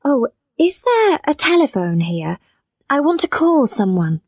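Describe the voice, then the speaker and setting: A woman voicing a calm, kind visitor in a storybook reading, speaking in a reassuring manner. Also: high-pitched, unhurried, no room sound, studio quality, voice pushed up, exaggerated voice.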